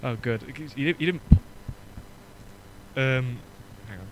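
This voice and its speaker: Brief: young Northern English host, mid-pitched, wry mocking banter, audible background noise. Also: male voice, expressive, a bit bright, rough recording. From Northern England. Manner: joking, rambling, quick to mock. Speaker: podcast host. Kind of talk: casual chat.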